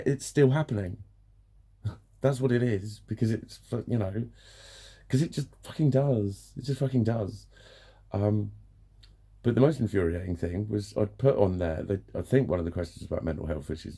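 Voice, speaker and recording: A man's voice: lowish voice, moderate pace, dark tone, breathy edge. A man venting in a ranting personal vlog, swearing often and sounding exasperated. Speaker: vlogger.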